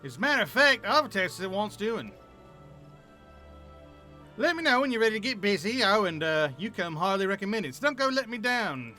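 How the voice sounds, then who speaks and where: A man voicing a gruff, brusque male ranch wrangler in a put-on rustic accent, reading game dialogue aloud. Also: high-pitched, big pitch swings, moderate pace, sharp tone, soft background music, pitched above the performer's own voice, heavily acted. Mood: hearty.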